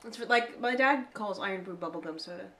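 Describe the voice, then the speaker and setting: A woman from the United States co-hosting a casual chat, playful and chatty and quick to laugh. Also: medium pitch, lively intonation, a bit bright, a little hiss or hum. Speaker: co-host.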